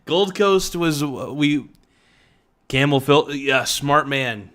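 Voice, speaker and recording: A man's voice: a little high, lively intonation, takes it slowly, fairly bright tone. A man hosting a casual livestream, chatting loosely to viewers in the chat with a slightly sore voice. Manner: laid-back, chatty, talks to viewers in chat, frequent "man" and "dude". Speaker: livestream host.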